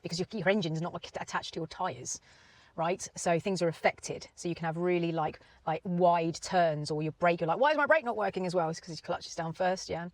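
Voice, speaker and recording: A woman's voice: fairly low pitch, normal speed, rough recording. Chatty woman explaining driving. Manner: chatty, animated, lots of tag questions like "right?" and "yeah?". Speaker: driving instructor. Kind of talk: explanatory teaching talk.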